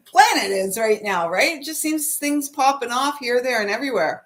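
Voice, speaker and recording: A woman's voice: mid-range voice, very animated, normal speed, hardly any pauses, noisy background. A middle-aged Canadian woman with a Canadian accent, hosting a spiritual live stream in a soothing, chatty way and reading viewer comments aloud. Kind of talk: casual live-stream chat.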